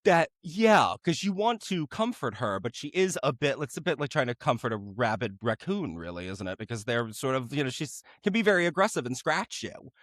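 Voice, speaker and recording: A man's voice: medium pitch, sing-song, brisk, hardly any pauses, fairly bright tone, no room sound, clean studio sound. A man co-hosting a podcast, giving witty, opinionated commentary with mocking asides. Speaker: podcast co-host. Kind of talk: casual chat.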